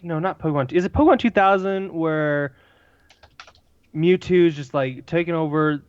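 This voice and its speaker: A man's voice: a little high, moderate pace, clear, resonant tone, lo-fi sound. A man co-hosting a podcast, rambling and searching for words in casual chat. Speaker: podcast co-host.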